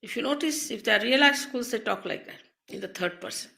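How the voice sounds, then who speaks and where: A woman spiritual teacher giving a slow, measured talk to an audience, speaking into a mic in a hall. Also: fairly high pitch, expressive, gravelly, sharp tone.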